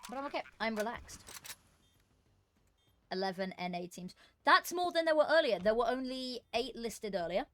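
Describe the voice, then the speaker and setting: A fairly high, slightly bright female voice carries the live-stream commentary for an esports qualifier. She keeps it chatty and rambling, dropping fillers and self-deprecating comments.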